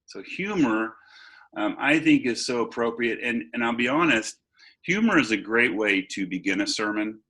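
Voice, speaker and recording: A man's voice: mid-range voice, animated, sharp tone. A man who is a pastor, giving an online seminar lecture over a video call in a conversational way, with fillers and restarts. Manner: conversational, pauses with fillers and restarts, stresses points.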